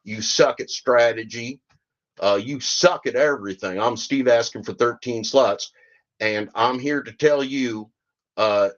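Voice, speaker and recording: A man putting on a smug, scornful gig-driver video maker in a slow, mocking voice. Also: mid-range voice, fairly bright tone, muffled recording, voice pushed up, natural voice.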